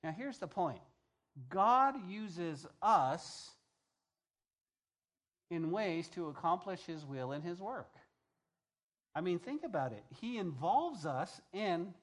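A male pastor delivering a sermon with a somewhat higher voice than most men. He preaches in an animated way, rising to loud emphasis and dropping to soft, hushed asides, and keeps asking the congregation if they follow. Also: takes it slowly, long pauses.

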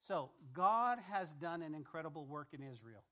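A man with a fairly high voice delivers a sermon-style Bible lesson. He talks straight to his listeners, doubling back on phrases and pressing them with rhetorical questions. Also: animated, moderate pace, bright, forceful tone. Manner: talks directly to the congregation. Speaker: pastor.

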